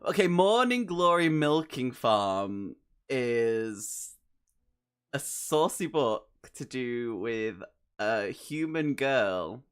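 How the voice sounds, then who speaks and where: A man's voice: mid-range voice, big pitch swings, extremely slow, smooth. A man with an American accent chatting casually as a guest co-host, giggling often and poking fun at himself. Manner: laughs often, giggly, self-deprecating. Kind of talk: casual chat.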